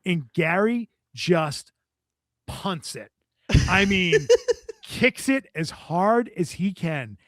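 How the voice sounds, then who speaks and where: A man's voice: high-pitched, drawn-out words, no echo, studio quality. A man guest on a podcast telling a story in casual chat, laughing often and acting out what others said. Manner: animated storyteller, laughs often, acts out quotes.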